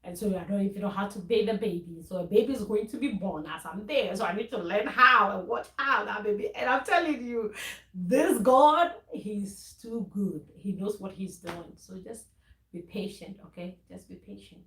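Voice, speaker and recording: A woman's voice: medium pitch, expressive, normal speed, a bit bright. Woman from ghana vlogging, earnest, kinda preachy, laughs a lot, echoey room. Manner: earnest, preachy, laughs often, many restarts. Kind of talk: casual faith-based vlog talk.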